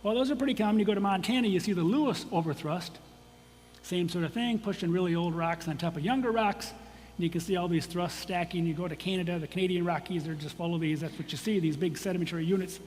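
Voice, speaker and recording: A man's voice: high-pitched, fast, a little mellow. A man from Michigan giving a casual, conversational presentation to an audience as a guest geologist, with frequent restarts and asides. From Michigan, USA. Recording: long hall reverb, faint hum.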